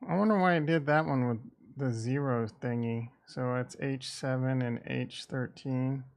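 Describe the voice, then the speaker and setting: A man's voice: medium pitch, moderate pace, gravelly. A man from the American Midwest, casually streaming about markets, rambling and irreverent as he thinks aloud. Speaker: crypto and stock market streamer. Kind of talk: casual livestream chat.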